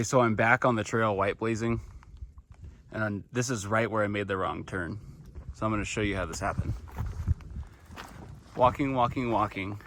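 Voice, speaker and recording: A man's voice: lowish voice, background noise. A man vlogging outdoors on a mountain trail, talking to a handheld camera in a chatty, self-deprecating way. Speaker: long-distance hiker filming his hike. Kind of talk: casual vlog narration to camera. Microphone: handheld camera or phone held while walking.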